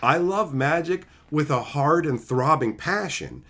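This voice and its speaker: A man hosts a live stream with loud, profane excitement. His voice is bright and lively, swinging widely in pitch, and he breaks into shouted impressions of his friends. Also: unhurried. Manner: profane, excitable, rants about cards.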